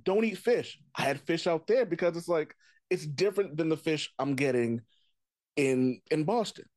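A man with a fairly high voice tells rambling stories in casual chat, often restarting. The sound is dry and close. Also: expressive, moderate pace, darkish tone, no echo. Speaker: comedian guest.

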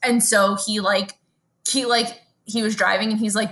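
A woman's voice: fairly high pitch, steady tone, moderate pace, fairly bright tone. A woman, co-hosting a podcast in casual chat, telling stories animatedly and swearing freely. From Brooklyn, New York. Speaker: podcast co-host.

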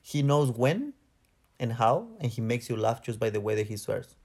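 A Mexican man with a Mexican Spanish accent co-hosts a podcast, his medium-pitched voice lively, a little mellow, and moderately paced. The chat is casual, and he rambles and corrects himself while hunting for English words.

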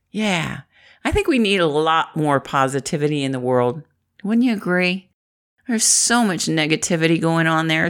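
A middle-aged woman from the Midwest speaks with a low, lively voice that rises and falls a lot. She talks to the viewer in a chatty, encouraging way, often laughing. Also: unhurried. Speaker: inspirational vlogger. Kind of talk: upbeat motivational talk to camera.

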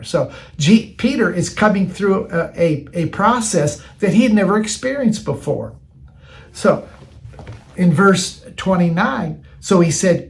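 High-voiced man preaching a sermon. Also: sing-song, normal speed, creaky. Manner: conversational, repeats phrases for emphasis.

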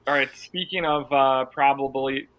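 A man's voice: medium pitch, fairly even intonation, normal speed, a bit bright, poor audio. A man hosting a casual sports podcast, steering topics and giving blunt opinions. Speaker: podcast host.

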